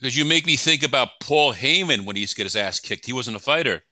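Lively bright-voiced man reacting. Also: medium pitch, quick pace, dry recording. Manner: brief reactive remarks, laughs along. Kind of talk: casual chat.

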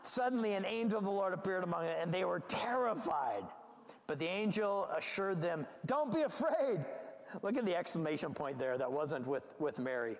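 Give me a male pastor with a high voice giving a conversational, animated sermon in a long-reverb hall. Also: brisk. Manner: conversational, animated, with restarts and asides. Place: church gathering.

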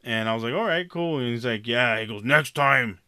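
Swearing podcast guy telling a story, laughs a lot, pitch jumps all over. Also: quick pace, smooth, no room sound, studio quality. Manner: animated, profane, laughs often while telling. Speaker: podcast co-host. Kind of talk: casual storytelling chat.

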